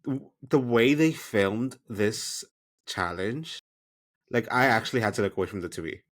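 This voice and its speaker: A man chatting on a casual podcast who reacts to the show with lively, expressive asides. His voice sits at a moderate, middle pitch, and he keeps the talk loose and conversational. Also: normal speed. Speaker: podcast co-host. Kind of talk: casual TV recap chat.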